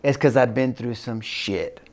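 Fervent man giving faith testimony. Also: measured pace. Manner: fervent, swings between loud bursts and hushed low tones. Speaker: guest.

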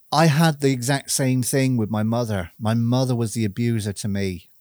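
A man talking through his thoughts in an earnest, measured monologue. He leans on repetition to stress his points, at an ordinary middle pitch. The sound is dry and close, with no room echo. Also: darkish tone. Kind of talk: personal reflective monologue.

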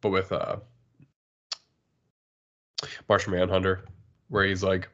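A man co-hosting a casual podcast chat, relaxed and laughing a lot. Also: deep voice, normal speed, lo-fi sound. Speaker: podcast co-host. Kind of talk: casual chat about comics.

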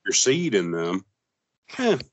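A man's voice: fairly low pitch, huge pitch swings, takes it slowly. A man chiming in casually on a podcast chat in a laid-back way, heard over dull lo-fi audio.

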